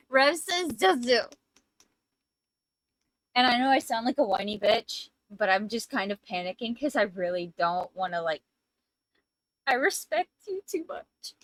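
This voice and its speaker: Flustered streamer woman, bright, unhurried. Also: a little high, lively intonation, no room sound, poor audio. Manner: rambling, flustered and apologetic, with loud outbursts. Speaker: VTuber streamer. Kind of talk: casual live-stream chat.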